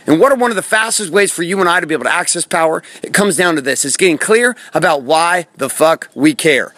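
Fast, bright-voiced motivational man. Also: fairly high pitch, expressive, dry recording. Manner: punchy, preachy, swears for emphasis. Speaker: motivational podcast host. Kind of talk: motivational monologue. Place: outdoors in a forest. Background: birds and bees.

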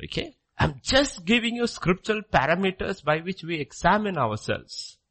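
A man preaching a sermon, jumping from loud exclamations to hushed low asides, acting out questions and answers and checking in with "okay?". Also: expressive. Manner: acts out dialogue with rapid questions and answers; repeats phrases, frequent "okay?" checks.

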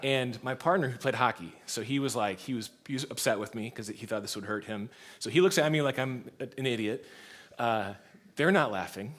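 A man's voice: mid-range voice, fairly quick. A man in his thirties, a pastor preaching a sermon in a church, telling stories and laughing along. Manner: storytelling, laughs often, lively shifts in loudness.

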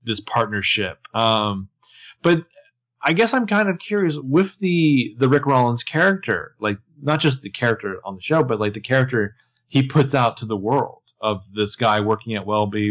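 A man's voice: on the low side, normal speed, fairly bright tone. A man co-hosting a casual TV recap podcast, chatty and analytical with lots of filler words. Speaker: podcast co-host.

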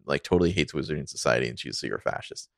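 A man's voice: rumbling low, animated, very fast, vocal fry, fairly bright tone, dry recording, studio quality. A man co-hosting a podcast, chatting loosely about a film and swearing casually, with a lot of "like". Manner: loose and profane, heavy use of "like". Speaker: podcast co-host. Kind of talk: casual film review chat.

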